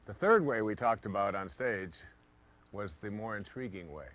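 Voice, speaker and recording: A motivational speaker with a fairly low voice talks at normal speed. He tells stories and acts out the thoughts of the people in them, quoting them in lively voices.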